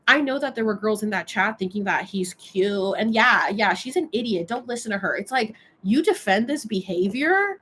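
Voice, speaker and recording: A woman chats through a casual storytime vlog, her voice set at an ordinary middle pitch. She rambles and fills her sentences with filler words. A faint hiss of noise sits under her voice. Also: animated, normal speed, few pauses, a bit bright. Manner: rambling, filler-heavy retelling; reads oracle cards aloud. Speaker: social media creator.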